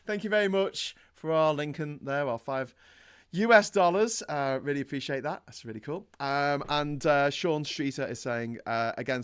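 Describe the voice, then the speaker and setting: A man with a medium-pitched, slightly bright, clean voice co-hosts a casual live-stream chat. He jokes, laughs often, and reads out viewer messages.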